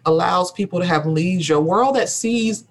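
A woman's voice: lowish voice, moderate pace. A woman guest talking in an earnest, reflective way, building her points through repeated rhythmic phrases. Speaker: guest, rest activist. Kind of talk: reflective spiritual conversation.

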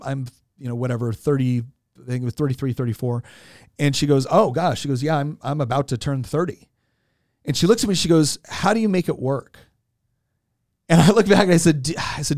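A man's voice: on the high side, fast, a little mellow, no room sound, clean studio sound. A man in his forties telling a story in casual talk, earnest, often repeating words as he restarts. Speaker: podcast co-host.

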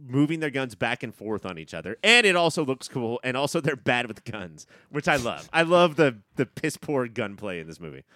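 Brief: easygoing male podcast co-host, middle pitch, dry close mic. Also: very animated, normal speed, few pauses, a bit bright, no room sound. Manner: laid-back, swears casually. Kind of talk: casual movie-review podcast chat.

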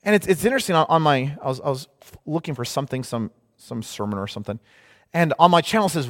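A man preaching a sermon in an animated, conversational way, sometimes mocking the voices of others. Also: on the high side, fast talker. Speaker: pastor. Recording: long hall reverb.

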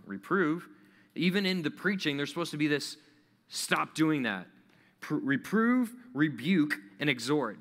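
Bright-voiced man preaching in a reverberant hall. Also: mid-range voice. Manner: animated storytelling, acts out quoted voices. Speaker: youth pastor. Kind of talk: sermon.

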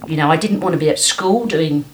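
A chatty woman from London talks animatedly as a podcast guest in a slightly low voice. A faint hiss of noise sits behind her. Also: brisk. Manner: chatty, animated, drifts off topic. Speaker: puppeteer and voice actor guest. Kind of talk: casual podcast interview chat.

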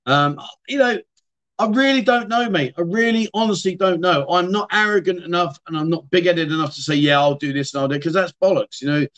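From his home streaming room, a middle-aged British host reads viewer comments in casual chat, often breaking off and restarting what he says. His voice is high-pitched, fairly quick, and fairly bright.

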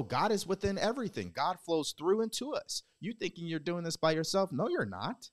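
A man's voice: fairly high pitch, very animated, fairly quick, few pauses. Blunt preachy male podcast host. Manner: blunt, preachy, calls listeners out with repeated rhetorical questions; swears casually. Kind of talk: motivational monologue.

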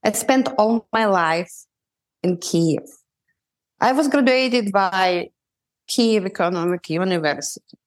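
A middle-aged Ukrainian woman speaks as an interview guest, in a voice pitched a little low. Her answers come haltingly, broken by pauses while she hunts for the right English words.

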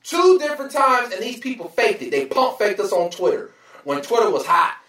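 High-voiced man in loud podcast banter. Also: normal speed, a crowd in the background. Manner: animated, loud outbursts, mocking impressions. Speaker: podcast co-host. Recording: roomy echo, distant from the mic.

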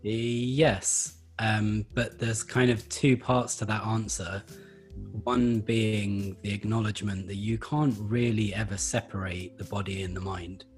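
A man explaining Feldenkrais practice in a relaxed interview, thoughtful and hesitant, with many fillers. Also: on the low side, measured pace, faint music behind. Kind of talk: conversational interview.

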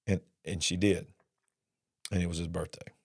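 A middle-aged man giving an earnest personal testimony about his past, retelling it slowly and with feeling. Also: low-pitched, little pitch movement, vocal fry, a little mellow, husky, no room sound, studio quality. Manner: earnest, drawn-out emotional retelling. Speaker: speaker sharing his life story.

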